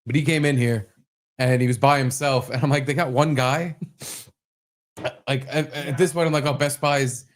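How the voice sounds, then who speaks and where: A young man co-hosting a podcast in loose, swearing chat. He tells a story and slips into quoted voices as he goes. His pitch sits in the middle for a man. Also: fairly even intonation, normal speed, long pauses. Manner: profane, acts out quoted voices in stories. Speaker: podcast co-host. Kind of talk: casual chat.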